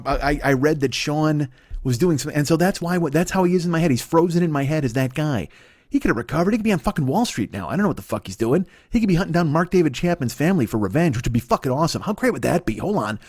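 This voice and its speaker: A man's voice: fairly high pitch, a little mellow, husky. A man in his forties from the United States doing a solo comedy podcast, ranting profanely and slipping into mocking put-on voices. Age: 40s. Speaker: comedian host.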